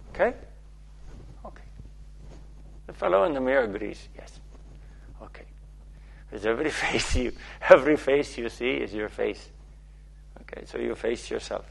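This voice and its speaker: Male spiritual teacher, gravelly and a bit husky, playful and repetitive, keeps checking in with listeners. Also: medium pitch, big pitch swings, normal speed, pauses often. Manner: playful, repetitive, asks okay often. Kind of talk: spiritual talk.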